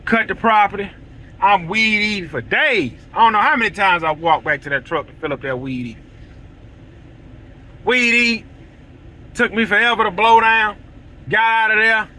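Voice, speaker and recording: A man telling an excitable, repetitive story to viewers from his vehicle. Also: high voice, moderate pace, pauses often, low-quality recording. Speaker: lawn care business owner. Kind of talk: casual storytelling vlog. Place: vehicle, driving outdoors.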